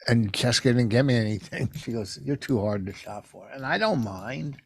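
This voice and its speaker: A man's voice: medium pitch, expressive, normal speed, gravelly, breathy edge, no echo. An older man co-hosting a podcast, telling stories in a rambling, defensive way. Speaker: podcast co-host. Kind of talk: casual chat.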